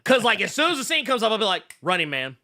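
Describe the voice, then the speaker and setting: A man hosting a podcast in a casual chat, animated and rambling, laughing often. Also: very high voice, fast. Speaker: podcast host.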